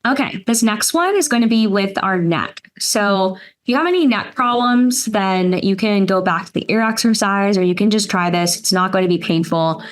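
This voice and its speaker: Woman, workshop presenter, gentle step-by-step instructions, casual fillers, middle pitch. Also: lively intonation, normal speed, hardly any pauses. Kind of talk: guided exercise instruction.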